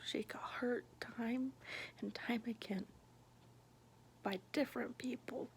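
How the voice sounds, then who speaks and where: A young woman whispering a personal story in a soft, halting, intimate hush. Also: a little high, fairly even intonation, a little hiss or hum. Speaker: vlogger sharing her past.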